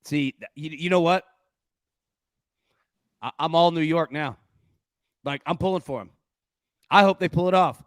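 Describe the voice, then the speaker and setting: Brief: male sports betting host, animated and joking, a touch high, dry close sound. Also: moderate pace, pauses often, dry recording. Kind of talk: casual sports betting chat.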